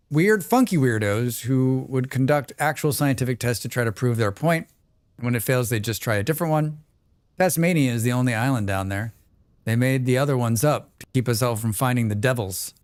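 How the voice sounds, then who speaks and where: A man's voice: medium pitch, smooth, no echo, clean studio sound. Joking man chatting on a gaming stream. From Canada. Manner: joking, reads chat aloud, rambling asides. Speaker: livestream host. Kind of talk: casual livestream chat while gaming.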